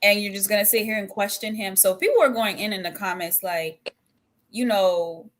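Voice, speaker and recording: A woman co-host in casual chat, retelling a story and voicing its people in quotes. Her pitch sits in the middle and there is a faint hiss behind her. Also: normal speed. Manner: retells stories with acted-out quotes, laughs often. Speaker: podcast co-host.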